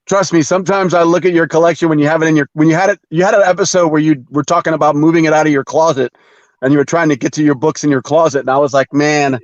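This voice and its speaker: A man as a guest in a casual chat about comics, talking haltingly with many fillers and frequent chuckles over a video call. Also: fairly high pitch, fairly even intonation, no room sound. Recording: dull dry video call audio.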